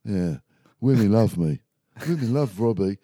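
A man's voice: fairly low pitch, animated, a little slow, no room sound, studio quality, pitched below the performer's own voice. Robbie, a man doing a swaggering lad. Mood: boastful. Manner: swaggering, loud, repetitive. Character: cocky young male reality-show lad, boastful.

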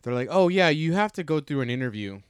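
A man co-hosting a casual podcast, telling a profane, animated story about coaching youth baseball. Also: on the high side, fast, clear, resonant tone, no echo, studio quality.

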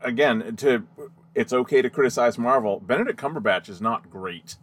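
A man co-hosting a casual podcast, talking about films in a relaxed, hesitant way and often restarting sentences. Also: mid-range voice, normal speed. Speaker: podcast co-host. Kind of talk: casual film discussion.

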